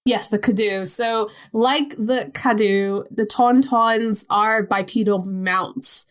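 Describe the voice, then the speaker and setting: A woman with a Long Island New York accent, co-hosting a casual podcast chat in an animated, chatty way. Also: mid-range voice, takes it slowly. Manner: chatty, animated, laughs easily. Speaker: podcast co-host.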